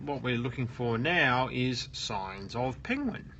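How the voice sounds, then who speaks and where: A man's voice: medium pitch, animated, takes it slowly, pushed and bright, dull audio, slight background noise. An Australian man hosting a casual live stream from his office, joking around and reading viewer comments aloud. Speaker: host of a live SEO question stream. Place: office at work.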